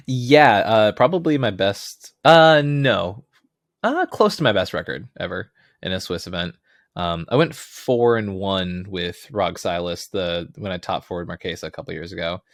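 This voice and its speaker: A man's voice: low voice, unhurried, no echo. Rambling, laughing man on a dry mic. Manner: rambling, laughs often, self-deprecating. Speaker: podcast guest, tournament player. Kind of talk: casual podcast chat.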